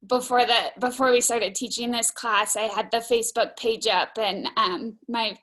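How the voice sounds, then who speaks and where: A woman's voice: on the high side, fairly even intonation, normal speed, few pauses, a bit bright. A woman yoga graduate giving an emotional farewell speech over a video call, sighing as she tells a story.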